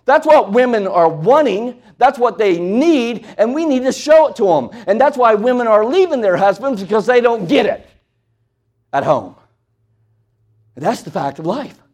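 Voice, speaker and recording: Preacher, male, high-pitched, impassioned sermon that drops to near-whispers. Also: lively intonation, moderate pace. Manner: impassioned preaching that swings from loud to hushed.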